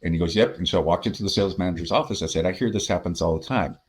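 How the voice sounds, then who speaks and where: A deep-voiced man speaks at a racing pace as a podcast guest who works as a sales consultant. He tells animated workplace anecdotes conversationally, acting out the voices of the people he quotes.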